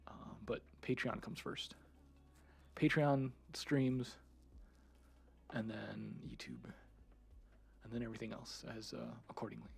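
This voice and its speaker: A man's voice: medium pitch, steady tone, unhurried, vocal fry, long pauses, darkish tone, breathy edge. A man streamer in casual live chat, rambling freely, laughing often and swearing. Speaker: streamer and 3D content creator.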